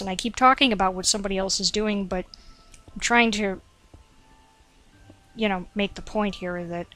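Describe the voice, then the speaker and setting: A woman's voice: mid-range voice, fairly bright tone. A woman giving rambling, digressive commentary while playing a game at home, talking to her cat now and then into a desk microphone. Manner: chatty, digressive, frequent "like" and "um"; talks to her cat between game remarks. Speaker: gaming commentator. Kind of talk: rambling let's-play commentary.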